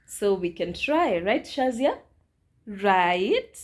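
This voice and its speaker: A woman's voice: mid-range voice, sing-song, drawn-out words. A woman, a mother and host, patiently asking her young child simple questions one at a time. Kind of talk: teaching a young child at home.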